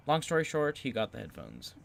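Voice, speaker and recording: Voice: mid-range voice, gravelly, a little hiss or hum. A young adult who works at a movie theater, telling customer stories in an exasperated, casual way. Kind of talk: casual chat.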